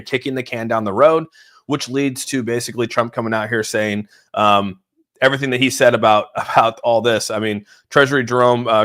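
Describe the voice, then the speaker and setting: A man hosting a casual crypto livestream, rambling excitedly about the markets, often saying "dude" and greeting viewers from the chat. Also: mid-range voice. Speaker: crypto channel host.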